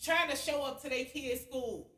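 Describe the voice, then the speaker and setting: A woman's voice: sits high, moderate pace, pushed and bright. A young woman, telling a heated story in a blunt, profane, casual rant. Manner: blunt, heavy cursing, heated. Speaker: spiritual vlogger. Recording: echoey room, far from the mic, faint hiss.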